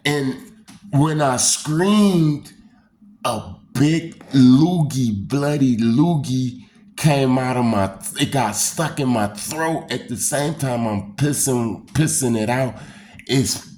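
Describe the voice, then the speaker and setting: A man's voice: mid-range voice, takes it slowly. A man casually telling a personal story in loose, repetitive phrasing, acting out the screams and voices in it. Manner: animated, acts out screams and quoted voices. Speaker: storyteller recounting a personal experience.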